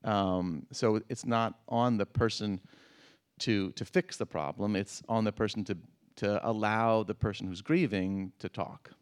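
A middle-aged man talking in a conversational interview, halting and repeating words, with frequent laughs. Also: fairly low pitch, fairly even intonation, smooth. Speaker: guest.

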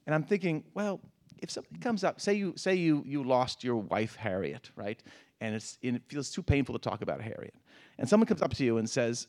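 Middle-aged man, conversational, halting delivery with restarts and laughs. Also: medium pitch, big pitch swings, a little mellow. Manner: halting, repeats words, laughs often. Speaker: guest. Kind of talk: conversational interview.

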